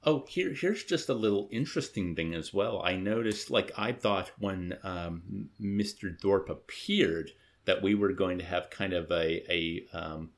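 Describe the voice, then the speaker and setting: A man's voice: low-pitched, unhurried. A man co-hosting a casual book discussion, musing and tentative, hedging with fillers. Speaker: podcast co-host.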